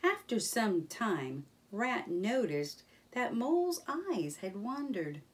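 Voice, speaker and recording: A woman reading a children's storybook aloud in a gentle, expressive manner. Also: medium pitch, slow, recorded from a distance.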